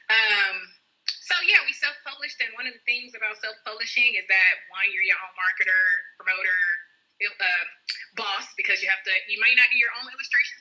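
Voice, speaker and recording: A woman's voice: mid-range voice, pushed and bright, rough recording. A woman author hosting a casual live-stream chat, upbeat and promoting her books. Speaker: children's book author and live-stream host. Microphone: phone or laptop on a live video stream.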